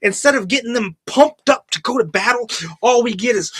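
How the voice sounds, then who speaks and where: A man's voice: very high voice, brisk, a bit bright, husky, dry recording. A man hosting a podcast, ranting in casual, heavily profane commentary, now and then mocking film lines in a put-on voice. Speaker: podcast host.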